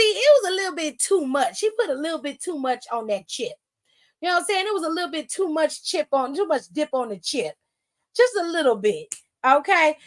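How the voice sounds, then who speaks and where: High-pitched woman ranting about wrestling, sassy and cussing, super animated. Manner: animated, sassy, profane storytelling. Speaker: wrestling show commentator. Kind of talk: casual commentary recap.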